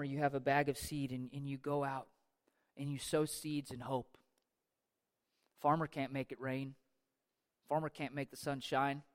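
A male pastor preaching a sermon with passion, swinging from loud declarations to hushed, intimate passages. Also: on the high side, in a large hall. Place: church sanctuary.

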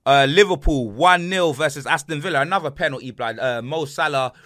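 Young man, podcast co-host, jokey wordplay, slang-heavy, slightly high, bright tone. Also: a little fast. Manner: joking, wordplay, constant slang tags. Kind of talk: casual banter podcast.

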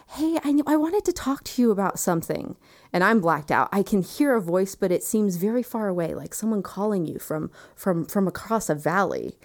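A woman in her thirties, earnest and reflective, telling a personal story in conversation and often dropping quiet. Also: fairly low pitch. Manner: earnest and reflective, quiet moments with soft laughs.

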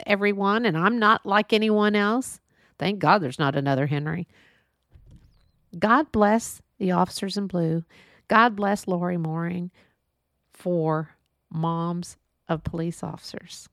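A woman's voice: fairly low pitch, measured pace, pauses often, a bit bright, dry recording, clean studio sound. A middle-aged woman from Texas, telling a heartfelt story in a monologue and acting out the voices of the people in it. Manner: earnest, storytelling, acts out quoted voices. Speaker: podcast host.

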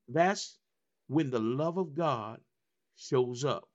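A man preaching a sermon, moving from low asides to high, emphatic calls and repeated refrains. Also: animated, slow, highs cut off. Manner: repetitive call-and-response preaching.

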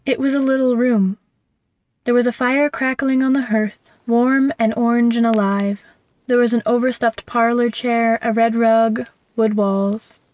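A woman's voice: on the high side, steady tone, measured pace, no room sound. Woman reading a storybook aloud. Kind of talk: scripted storybook narration. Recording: dull, dry recording.

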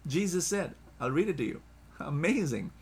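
Animated male preacher, swings loud to soft. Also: a little high, normal speed, husky. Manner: animated and repetitive, shifting from loud emphasis to soft asides. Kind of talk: inspirational sermon.

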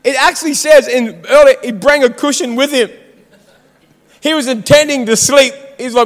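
A man's voice: very high-pitched, brisk, big-room sound. A man preaching a sermon in a church, fired up and exhortative, calling out to the congregation. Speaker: pastor.

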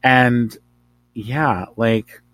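A man's voice: mid-range voice, drawn-out words, dry recording. A man from New Jersey chats as a podcast guest, tossing out strong opinions and winding asides. His voice sits in a middle register. The sound is dry and close, with no room around it. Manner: opinionated, animated, rambling asides. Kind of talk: casual chat.

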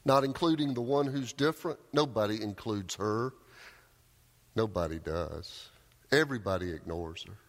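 A man preaching a sermon, telling a story with raised cries and quiet, low emphasis. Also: normal speed. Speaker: pastor. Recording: long hall reverb.

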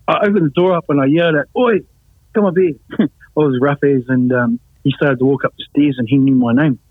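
A man's voice: a little high, slightly rough, dry recording. Man telling a story over a tinny line. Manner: animated, acts out voices, laughs often. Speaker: guest telling his testimony. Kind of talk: casual storytelling. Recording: tinny phone-like line, dry.

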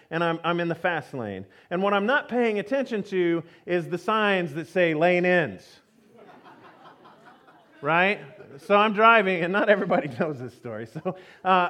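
A man preaching a sermon, telling a personal story in a lively, self-mocking way with frequent laughter and acted-out quotes. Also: sits high. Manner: animated storytelling, acts out his own voice in quotes. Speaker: pastor.

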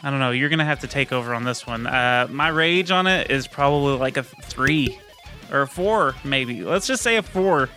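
A man's voice: medium pitch, expressive, normal speed, bright, forceful tone, faint music behind. A man co-hosting a casual podcast, rambling and swearing with lots of fillers. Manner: rambling, profane, with frequent fillers and laughs. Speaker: podcast co-host.

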